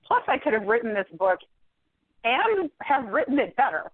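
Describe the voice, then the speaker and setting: A woman guest in a podcast interview, retelling a story in an animated, exasperated way. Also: fairly high pitch, moderate pace, dry recording. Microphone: phone call. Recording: tinny phone line.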